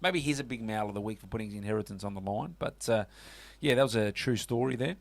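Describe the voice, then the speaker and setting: Aussie bloke running a sports radio show, says mate a lot, dry studio sound. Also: male voice, fairly low pitch, quick pace, gravelly, no room sound. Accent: Australian. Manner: chatty, lots of fillers and "mate". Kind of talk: casual sports chat on community radio.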